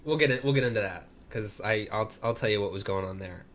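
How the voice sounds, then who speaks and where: A man's voice: fairly low pitch, fast, a bit bright, a little hiss or hum. A man co-hosting a casual comedy movie podcast, rambling and joking, with bad celebrity impressions. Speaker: podcast co-host.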